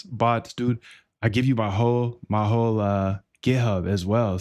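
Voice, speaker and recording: A man with a fairly low voice talks straight into a close mic with no room sound. He runs a live-stream sales pitch with nonstop hype and calls the viewer dude and bro. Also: darkish tone, no echo. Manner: pushy and hyped, keeps saying dude and bro. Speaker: trading channel host.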